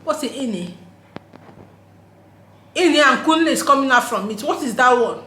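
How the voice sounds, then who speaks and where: A woman with a Nigerian accent, talking straight to camera in an emphatic, laughing vlog voice that drops into pidgin phrases. Her voice sits high, and the recording carries a roomy echo. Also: animated, normal speed, sharp tone, slight background noise. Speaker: vlogger. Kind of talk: casual opinion monologue.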